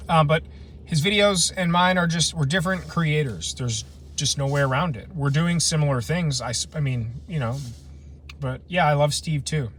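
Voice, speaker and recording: A man's voice: fairly high pitch, a bit bright, a little hiss or hum. A man in his late twenties hosting a casual camping livestream, rambling and slangy while chatting with viewers outdoors at night. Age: late 20s. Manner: loose, rambling, slangy and self-deprecating. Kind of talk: casual live chat reading comments. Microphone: phone livestream.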